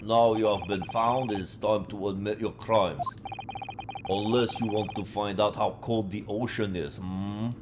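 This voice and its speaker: A man's voice: on the low side, steady tone, measured pace, background noise, close to an everyday voice. A man dubbing a game live, voicing a stern Russian interrogator in a put-on Russian accent with a heavy, threatening manner. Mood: menacing.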